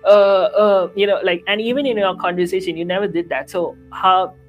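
A man's voice: high voice, fast, highs cut off, faint music behind. A man hosting an interview, asking long, rambling questions full of fillers and restarts. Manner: rambling, searching for words, fillers. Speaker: interview host.

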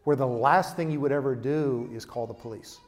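A man preaching a sermon, emphatic, swinging between loud declarations and quiet asides. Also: medium pitch, a little fast. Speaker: pastor. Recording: long hall reverb.

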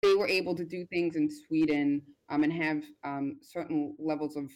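An American woman with a somewhat low voice explains things patiently as a guest doctor on a podcast. She talks in a measured, hedging way, filling pauses with frequent ums. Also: steady tone, a little mellow. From United States. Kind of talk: explanatory interview answers.

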